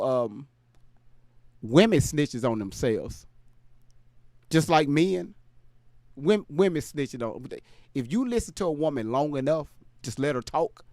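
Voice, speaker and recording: A man's voice: on the high side, dry recording. A man hosting a casual livestream, talking with viewers in the chat. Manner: mumbling and trailing off into fillers, then laughing and ranting loudly. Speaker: livestream host.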